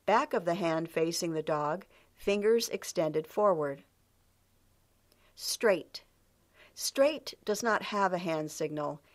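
Woman, scripted instructional narration, measured and even, slightly low voice, calls out headings.

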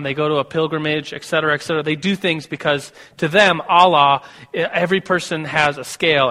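A man's voice: fairly high pitch, bright, forceful tone. An American man giving a sermon, telling a personal story in a conversational way with many restarts. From United States. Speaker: preacher. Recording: long reverb of a hall.

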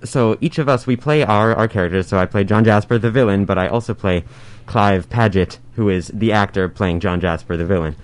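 Teen boy with a very low voice, hesitant and full of restarts. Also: fairly quick, few pauses. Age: teens. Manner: hesitant, many ums and restarts. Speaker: high school actor. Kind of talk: casual interview talk.

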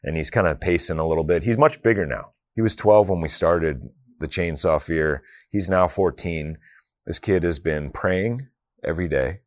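Deep-voiced man telling a faith story. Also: normal speed. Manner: earnest, conversational, with many "you know" asides. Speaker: speaker. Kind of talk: faith talk with personal storytelling.

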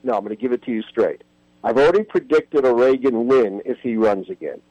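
A man's voice: medium pitch, fairly quick, darkish tone, no room sound, highs cut off. An older man, a history professor, telling stories with animation and emphasis as a guest in a radio interview.

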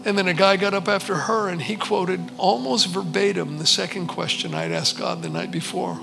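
A high, very gravelly male voice tells a personal testimony as a sermon. He speaks earnestly and conversationally, acting out bits of dialogue. Clear music plays behind him. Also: fairly even intonation, moderate pace, rough recording. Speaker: preacher.

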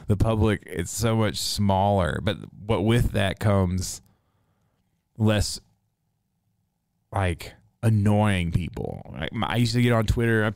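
A man in his thirties from North Carolina, chatting casually with his audience and ranting in profane, animated bursts. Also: fairly low pitch, clean tone, dry recording. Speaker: streamer answering chat. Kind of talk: casual rambling chat.

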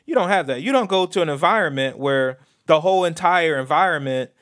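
A man in casual podcast conversation, telling stories with animated swings and slipping into patois phrasing. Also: fairly high pitch, brisk. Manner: animated storyteller, slips into Jamaican patois phrasing. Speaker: podcast co-host.

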